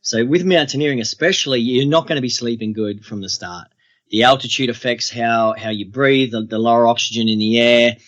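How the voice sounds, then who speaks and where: A man, a guest on an interview podcast, telling adventure stories in a relaxed, steady way. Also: medium pitch, fairly quick, dull audio.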